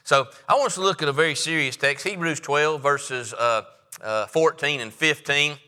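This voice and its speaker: A man's voice: fairly high pitch, normal speed, bright, forceful tone. A man preaching a sermon as pastor, in a folksy, joking manner with frequent fillers. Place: church sanctuary. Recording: reverberant church sanctuary.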